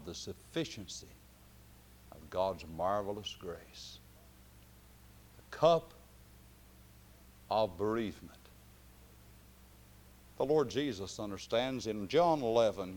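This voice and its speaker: A man preaching a sermon, dropping to quiet, drawn-out phrases and then rising to loud shouted climaxes. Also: on the low side.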